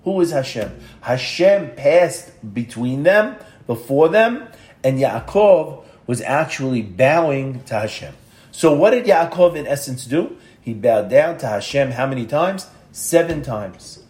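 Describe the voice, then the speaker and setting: An older man teaching a Talmud passage as a lively story, acting out the voices in it. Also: medium pitch, a little slow, reverberant. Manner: lively storyteller, acts out voices, sprinkled with Hebrew terms. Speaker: Torah teacher. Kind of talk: animated Talmud storytelling class.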